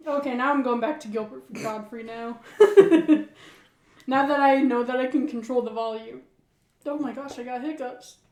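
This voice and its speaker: A woman's voice: high voice, moderate pace, a little mellow. A woman co-hosting a podcast in casual chat, laughing often and trailing off into filler words. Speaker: podcast co-host. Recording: echoey room with faint noise.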